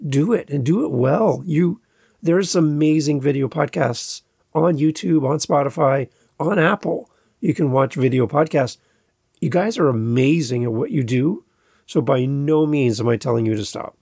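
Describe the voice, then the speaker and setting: A man hosting a solo podcast in a chatty, emphatic way, leaning hard on repeated words to drive a point home. His voice sits a little high, with a gravelly, husky texture. The sound is dry and close, with no room echo. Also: normal speed, a little mellow. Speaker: podcast host. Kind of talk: casual solo podcast talk.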